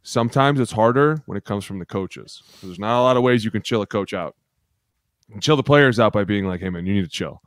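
A man's voice: lowish voice, fairly quick, dry recording. Male podcast co-host, cursing storyteller who acts out the voices, dry close mic. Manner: profane, animated storyteller acting out quotes. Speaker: podcast co-host, former lineman. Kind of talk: casual podcast chat.

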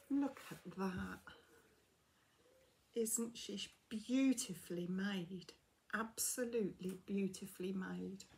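A woman crafting vlogger chatting casually as she opens gifts, gushing and gasping, often dropping to a soft breathy near-whisper. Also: mid-range voice, slow, a little hiss or hum. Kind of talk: casual unboxing chat.

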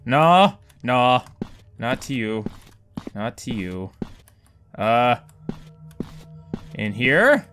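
A man doing let's play commentary over a horror game, panicky and swearing often as he yells at the game. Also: mid-range voice. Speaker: gamer playing a horror game.

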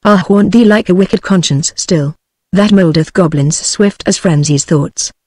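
A woman's voice: on the low side, measured pace, slightly rough. A vengeful young Trojan prince, read by a synthetic British woman. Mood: grieving. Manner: flat synthetic delivery.

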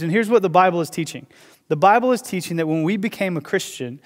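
A man preaching a sermon as pastor, talking conversationally with quick asides and restarts. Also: high-pitched, lively intonation. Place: church auditorium. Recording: long hall reverb.

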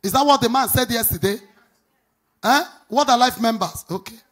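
A Nigerian woman pastor preaches with a lilting, sing-song delivery, stretching out the words she stresses. She keeps tossing questions to the congregation and waits for them to call back the answers. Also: fairly high pitch. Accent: Nigerian English. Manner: emphatic, drawn-out stressed words. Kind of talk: preaching sermon with call-and-response.

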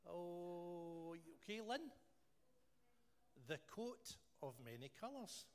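Speaking slowly in a high-pitched voice, a Scottish church leader prays with his congregation and follows with a playful quiz. He's jokey and lively with the people in the hall, where long reverb and faint noise fill out the recording.

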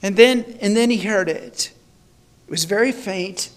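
A male pastor preaching a sermon in a church sanctuary, telling a story dramatically and building to loud calls. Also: high-pitched, a little slow.

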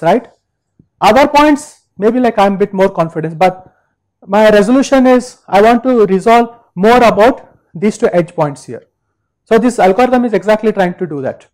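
A male university lecturer explaining step by step, checking in with listeners and pausing on fillers. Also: high voice, darkish tone, rough recording. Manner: explains step by step, frequent "right?" and "uh".

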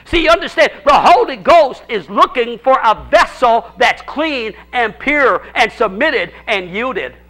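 A man pastor preaching a sermon at a church service, repeating phrases for emphasis and swinging between shouts and hushed tones. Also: very high voice, animated, unhurried, few pauses.

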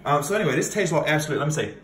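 A man's voice: fairly high pitch, expressive, very fast, a bit bright. A man playing a jolly, bumbling male innkeeper doing a comic cooking tutorial, chummy and rambling, calling everyone mate and love, in a home kitchen. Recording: echoey kitchen with background noise.

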